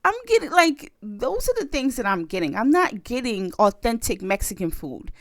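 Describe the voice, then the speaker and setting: A woman's voice: medium pitch, normal speed, no room sound, clean studio sound. An American woman co-hosting a podcast, chatting casually and telling stories with lots of laughter. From United States. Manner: animated storytelling, laughs often. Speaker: podcast co-host. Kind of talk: casual chat.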